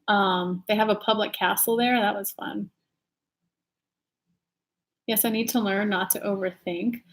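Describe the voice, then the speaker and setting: A woman's voice: mid-range voice, fairly even intonation, a little slow. A woman hosting a casual live stream, chatting animatedly and reading viewer comments aloud. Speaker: intuitive reader and channel host.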